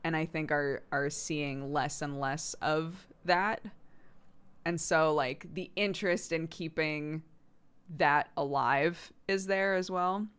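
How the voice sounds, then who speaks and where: American woman, streamer, low smooth voice, chatty, laughs often. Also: steady tone, slow pace, a bit bright. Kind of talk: casual chat while gaming.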